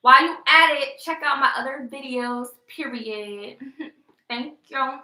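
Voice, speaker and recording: On a casual livestream, a young female vlogger rants in a sassy, mocking way and laughs a lot. Her high voice is bright and sharp, with fairly even intonation and an unhurried pace, and the room echoes around her.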